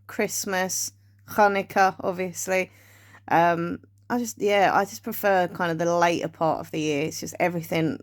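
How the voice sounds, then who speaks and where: A woman, rambling and thinking aloud to the camera while vlogging her day at home and out and about. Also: mid-range voice. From England. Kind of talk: casual day-in-the-life vlog chat.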